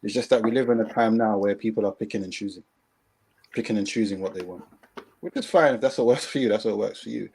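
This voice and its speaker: Deep, dark, husky man giving his view. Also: quick pace, a little hiss or hum. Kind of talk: casual chat.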